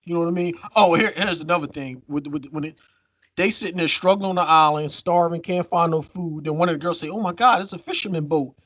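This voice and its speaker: A man co-hosting a podcast in casual chat, telling a story with lively acted-out quotes and free swearing. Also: on the high side, fairly quick, no room sound. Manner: animated storytelling, acts out quotes, swears freely. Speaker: podcast co-host.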